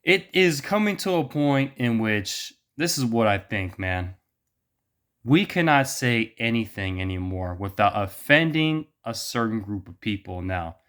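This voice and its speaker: A man's voice: lowish voice, lively intonation, a little slow, fairly bright tone, smooth. Blunt, profane man ranting. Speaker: vlogger. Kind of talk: opinion monologue.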